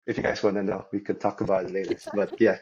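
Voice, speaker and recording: A young man chats as a podcast guest in a relaxed, upbeat way, laughing easily. His voice sits fairly low. The recording sounds dull and lo-fi. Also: fast, breathy edge. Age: young adult. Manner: easygoing, chatty and upbeat, laughing often. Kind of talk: casual podcast chat.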